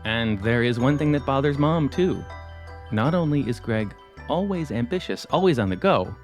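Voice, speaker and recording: A man narrates a podcast from a script, his pitch rising and falling widely. He builds suspense with dramatic pauses between phrases. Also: lively intonation, soft background music.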